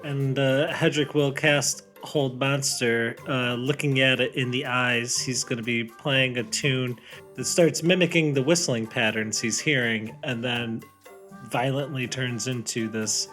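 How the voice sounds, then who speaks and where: A woman describing her character's actions in a tabletop game in a relaxed, playful way. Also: extremely low pitch, measured pace, soft background music. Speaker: player.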